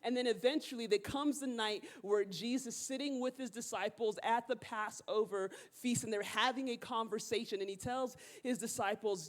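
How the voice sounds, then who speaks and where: A woman's voice: on the high side, moderate pace, few pauses. A woman preacher telling a story in a sermon, casual and slangy, acting out the people she quotes. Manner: animated, slangy, acts out quotes. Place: church sanctuary.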